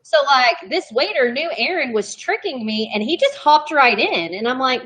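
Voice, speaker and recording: A woman's voice: high-pitched, lively intonation, moderate pace, a bit bright, husky. A young woman guest telling family stories in casual chat, chatty and often interrupting herself. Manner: chatty, self-interrupting, apologetic.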